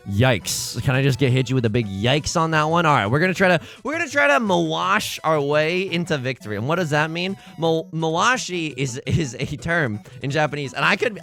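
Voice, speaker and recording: Animated, self-mocking male gamer. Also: fairly high pitch. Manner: animated, self-deprecating, rambling. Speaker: let's play host. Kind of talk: casual game commentary.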